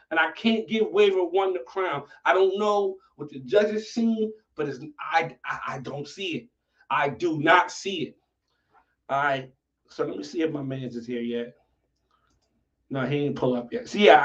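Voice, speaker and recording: High-pitched, profane livestream host. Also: male voice, moderate pace, distant mic. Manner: profane, animated, talks to viewers. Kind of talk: casual livestream commentary. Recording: dull lo-fi audio from off-mic.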